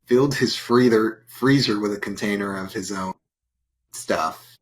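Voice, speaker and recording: A man's voice: lowish voice, a little slow, low-quality recording. A man co-hosting a casual live stream, answering with short, mild exclamations and telling a brief spooky tale. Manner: reacts with mild exclamations like "oh my goodness". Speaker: podcast co-host.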